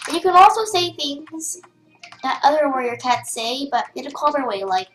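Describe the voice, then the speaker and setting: High-voiced young girl rambling in an echoey room. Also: normal speed, a bit bright, a little hiss or hum. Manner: chatty, rambling with fillers and restarts. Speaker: game tutorial host. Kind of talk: casual screen-recorded tutorial. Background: keyboard typing.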